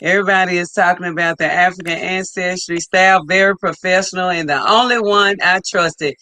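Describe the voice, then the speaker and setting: A woman's voice: fairly low pitch, fairly even intonation, brisk, sharp tone, no room sound. A woman co-hosting a casual livestream, enthusiastically reading out viewer comments. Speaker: livestream co-host.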